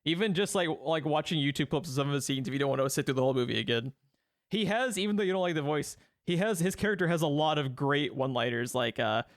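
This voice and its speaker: Male podcast co-host, slightly high voice, rambling casual delivery, dry close mic. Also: expressive, quick pace, no room sound. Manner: rambling, laughs often, swears casually. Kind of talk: casual film review chat.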